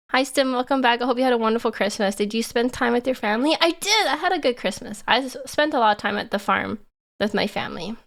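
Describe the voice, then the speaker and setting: A young woman streamer chatting casually with her viewers, excitable and laughing often. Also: a little high. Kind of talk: casual livestream chat.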